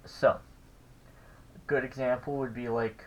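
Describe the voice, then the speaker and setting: A man giving a casual recorded language lesson, thinking aloud with pauses and restarts. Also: mid-range voice, level tone, darkish tone, highs cut off. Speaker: language teacher.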